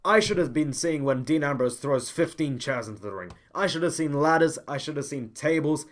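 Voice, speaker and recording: A man's voice: fairly high pitch, animated, brisk. A young man hosting a podcast, giving blunt, ranting opinions with frequent restarts and repeated complaints. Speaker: podcast host. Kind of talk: opinionated wrestling podcast commentary.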